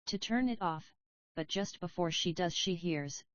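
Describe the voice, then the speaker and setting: Plain, even woman audiobook reader for stage directions; dry close sound, slightly dull. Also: on the low side, unhurried, no echo. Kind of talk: reading stage directions aloud.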